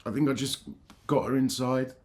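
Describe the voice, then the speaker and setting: A man hosting his own channel, telling a painful personal story in a halting, emotional way, full of restarts. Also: mid-range voice, fairly even intonation. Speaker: channel host.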